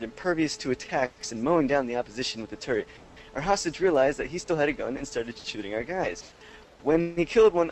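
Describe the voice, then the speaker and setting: A man's voice: mid-range voice, rough recording. A young man co-hosting a gaming podcast, reading a listener's story aloud and chatting casually. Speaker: podcast co-host.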